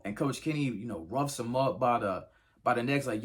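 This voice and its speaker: A man's voice: mid-range voice, moderate pace. A man casually recapping a TV episode, acting out the characters' lines and leaning on fillers like "you know" and "right". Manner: animated, acts out characters' lines in quotes.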